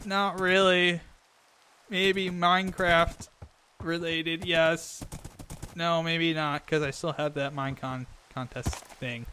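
A young man giving Minecraft let's play commentary, frantic and excitable, rambling fast when thrilled. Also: a little high, a little hiss or hum. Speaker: gaming video host.

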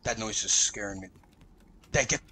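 A man hosting a let's play, reacting loudly and profanely, yelling at the game as he plays. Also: on the low side, normal speed. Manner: excitable, profane, shouts at the game. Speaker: gaming channel host.

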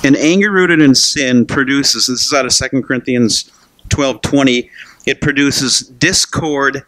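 A man's voice: mid-range voice, moderate pace, a bit bright, a little hiss or hum. A man pastor preaching a sermon in a casual conversational way, asking rhetorical questions and acting out Bible characters. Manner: acts out Bible characters in quoted voices.

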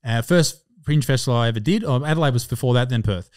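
A man's voice: mid-range voice, fast, darkish tone. A man in his twenties with an Australian accent, a podcast co-host in casual chat who tells stories and swears constantly.

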